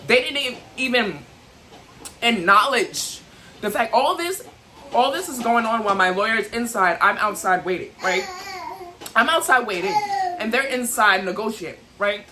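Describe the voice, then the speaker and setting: A woman's voice: fairly high pitch, expressive, moderate pace, long pauses, sharp tone, slight background noise, low-quality recording. A young adult woman venting to camera in an emotional, heated, rambling way, full of "like" and "you know what I'm saying". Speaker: vlogger.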